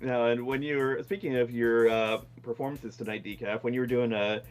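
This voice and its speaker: A man's voice: medium pitch, fairly even intonation, brisk, clean tone, faint music behind. A man hosting a casual chat, rambling with many fillers and laughing often. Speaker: host and translator.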